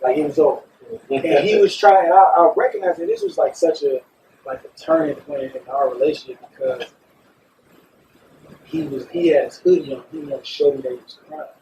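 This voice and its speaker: A man talking casually as a podcast co-host, animated and emphatic, swearing freely. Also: a little high, brisk, distant mic, slight background noise, low-quality recording. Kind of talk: casual chat. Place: recording studio.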